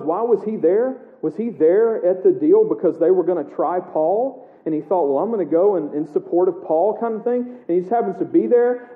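A man preaching a sermon in a casual, animated way, acting out the scripture he reads aloud. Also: high-pitched. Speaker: pastor. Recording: echoey room heard over a tinny narrow line.

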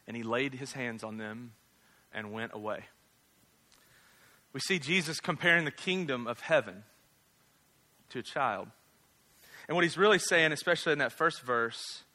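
A male pastor preaches a casual, humorous sermon packed with jokes and rhetorical tag questions, keeping it conversational. His voice is medium-pitched, bright and forceful.

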